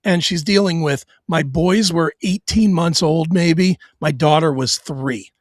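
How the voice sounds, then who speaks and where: A middle-aged man with a fairly high voice tells a hard personal story with blunt, profane candor. He often stumbles into stammered restarts. The recording is close and dry, with almost no room sound. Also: unhurried, no echo. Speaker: show host sharing his story.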